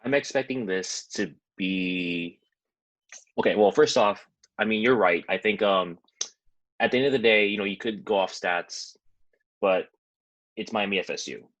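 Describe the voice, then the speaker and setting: A man's voice: on the low side, measured pace, pauses often, fairly bright tone, no room sound, dull audio. A man who is a guest on a sports podcast, giving his football take in a rambling, hesitant way with many fillers. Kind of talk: casual sports talk.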